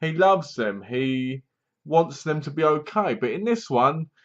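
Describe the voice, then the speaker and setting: A man's voice: a little high, expressive, measured pace, highs cut off. A man retelling a film's plot in a casual review vlog, rambling along with plenty of fillers. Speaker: film reviewer.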